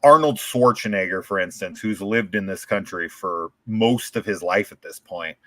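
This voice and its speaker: A man's voice: deep voice, normal speed, a bit bright, no echo. An American man chatting casually as a podcast host, rambling with lots of "like" and restarts. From United States. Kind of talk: casual chat.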